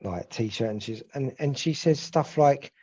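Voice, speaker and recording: A man's voice: medium pitch, measured pace, dark tone, slightly rough. A man co-hosting a podcast in casual chat, rambling and repeating himself, with the odd swear. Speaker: podcast co-host. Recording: slightly dull lo-fi audio.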